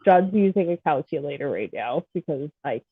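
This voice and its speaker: Casual, chatty woman hosting a podcast, stuffed up and husky, rambling and teasing, over a tinny phone-like line. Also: sits low, lively intonation, moderate pace, no room sound. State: stuffed-up nose. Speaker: podcast host. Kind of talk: casual chat.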